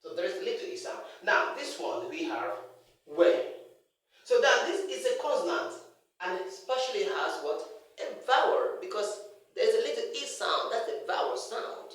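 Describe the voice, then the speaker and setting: Man, pronunciation teacher, lively high voice, repeats words, echoey room, far from mic. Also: moderate pace. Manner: repeats words for emphasis, animated. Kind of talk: classroom lecture.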